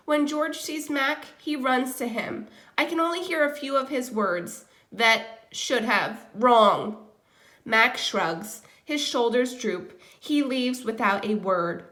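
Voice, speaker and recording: A woman's voice: on the high side, bright, forceful tone. A woman reading a children's novel aloud, first person, with casual asides between chapters. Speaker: audiobook reader.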